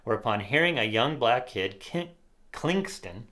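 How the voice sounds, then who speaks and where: A man's voice: mid-range voice, animated, unhurried, sharp tone. Opinionated middle-aged man co-hosting a talk show. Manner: opinionated, reads quotes aloud with sarcasm. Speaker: podcast co-host. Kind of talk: casual political commentary.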